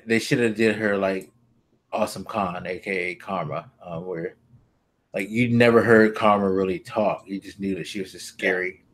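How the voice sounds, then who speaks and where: A man co-hosting a podcast, chatting casually about wrestling, swearing freely and laughing often. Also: lowish voice. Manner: laughing, profane, animated impressions. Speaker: podcast co-host.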